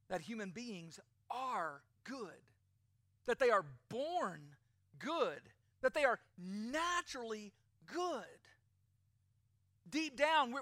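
A man's voice: extremely high pitch, bright, forceful tone, no room sound, clean studio sound. A man preaching a sermon, emphatic, with a delivery that rises and falls. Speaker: pastor.

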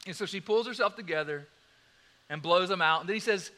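A preacher tells a sermon story with animated, dramatic delivery. His voice sits high for a man and sounds bright and forward. He moves quickly between loud and quiet passages.

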